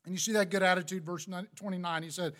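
Male preacher with a high voice, earnest and conversational, reading scripture in a sermon. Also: fairly even intonation, fast, a bit bright.

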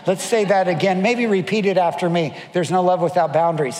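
A pastor, his voice high for a man and a little mellow, preaches briskly from the pulpit with hardly any pauses and fairly even intonation. He narrates stories, performs people's words, and repeatedly turns to the congregation with questions. Each phrase trails off in a long large-hall reverb, over slight hiss or hum.

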